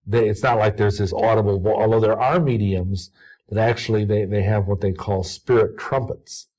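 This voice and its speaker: A man answers interview questions at length, rambling and often stopping to restart his sentences. His voice sits on the lower side. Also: steady tone, a little mellow, low-quality recording. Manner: rambling, halting, lots of restarts. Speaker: interview guest.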